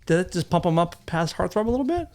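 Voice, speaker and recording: A woman's voice: lowish voice, sing-song, fast. A woman co-hosting a podcast, joking crudely and teasing in casual chat. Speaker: podcast co-host.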